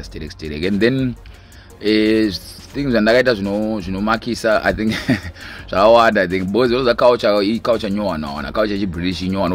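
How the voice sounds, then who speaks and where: A man's voice: lowish voice, fairly bright tone. A man, a filmmaker, talking casually in a rambling way, switching between Shona and English. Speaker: interviewed filmmaker. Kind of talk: casual recorded interview.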